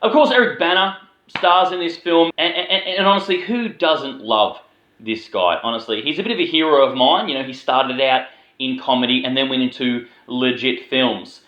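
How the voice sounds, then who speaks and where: A man's voice: mid-range voice, moderate pace, fairly bright tone, reverberant, highs cut off. An Australian man giving a casual, rambling film review, with plenty of swearing and filler words. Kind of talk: casual spoken movie review.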